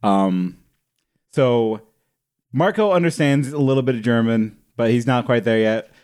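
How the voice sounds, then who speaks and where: A playful man co-hosting a book podcast, often breaking into laughter. His pitch swings widely and animatedly as he talks. His voice sits at a middle pitch for a man. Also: expressive, a little slow, a little mellow, clear, resonant tone. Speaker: podcast co-host. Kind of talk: casual chat.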